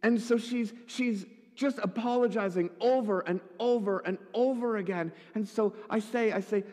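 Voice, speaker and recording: A man's voice: high-pitched, moderate pace, hardly any pauses, darkish tone. A male pastor preaching a sermon, telling a story with wry humorous asides. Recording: echoey hall.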